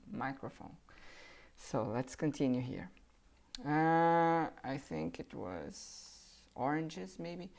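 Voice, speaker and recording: A woman with a Brazilian Portuguese accent, teaching English vocabulary in a pronunciation drill, carefully modeling each word for students to repeat. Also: sits low. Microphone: handheld or desk microphone.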